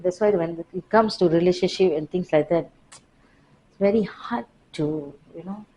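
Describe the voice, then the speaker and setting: A woman teaching a workplace class, lively but slowing for deliberate emphasis. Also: fairly low pitch, a little hiss or hum, poor audio. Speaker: workplace trainer. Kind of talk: classroom lecture.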